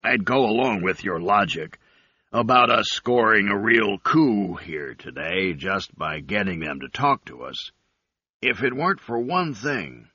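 A man's voice: on the low side, sing-song, a little slow, pushed and bright, husky, no room sound, heavily acted. A man voicing a blunt, stubborn male uplifted chimp aide, speaking plainly and firmly. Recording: slightly dull recording.

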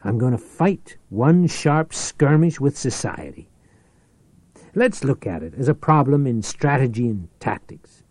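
Ruthless scheming tycoon, read by a man, forceful, calculating, persuasive, dark tone, lively delivery. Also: mid-range voice, dry recording, pitched above the performer's own voice. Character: ruthless scheming rich male businessman.

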